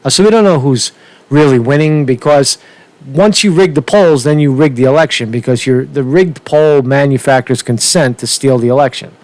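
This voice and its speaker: A man's voice: medium pitch, moderate pace, darkish tone, no room sound. A man giving a casual, rambling opinion rant as a political vlogger, swearing often and restarting his sentences. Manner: rambling, profane, with many restarts.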